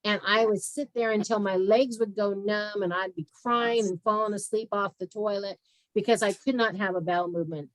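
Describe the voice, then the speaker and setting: Brief: candid woman health practitioner, mid-pitched, dry close sound, lively storytelling. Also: moderate pace, no echo, rough recording. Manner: candid and animated, acts out conversations. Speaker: guest speaker, health practitioner. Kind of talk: frank personal storytelling in an interview.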